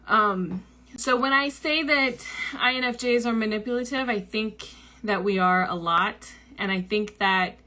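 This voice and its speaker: A young woman with a bright, crisp tone and a slightly high voice talks her way through a personal story. She hosts a book club show and keeps it loose and chatty, full of likes and ums.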